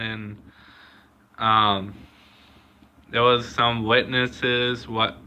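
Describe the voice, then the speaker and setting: Young guy telling a story on his vlog, bright clear voice, dull lo-fi sound, lots of ums. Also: mid-range voice. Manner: halting, many fillers and pauses. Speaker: vlogger. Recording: dull lo-fi recording.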